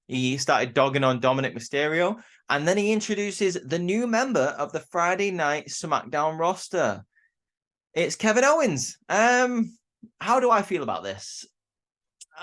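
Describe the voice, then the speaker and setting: A man's voice: fairly high pitch, fairly bright tone. A young man giving a casual spoken review of a wrestling show, rambling and often stammering and restarting his sentences.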